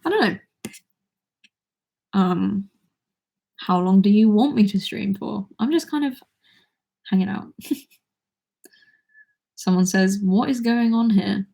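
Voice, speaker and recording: A woman's voice: mid-range voice, slow pace, gravelly, long pauses, mellow. A nineteen-year-old woman with an English accent, chatting casually on a livestream and reading viewer comments aloud between songs.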